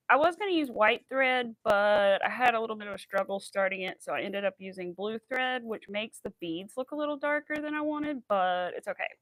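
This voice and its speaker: A woman's voice: mid-range voice, a bit bright, no echo, low-quality recording. Chatty woman crafting on a livestream. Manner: chatty, bubbly, rambling with many likes and ums. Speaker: crochet livestream host. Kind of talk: casual chat while crocheting.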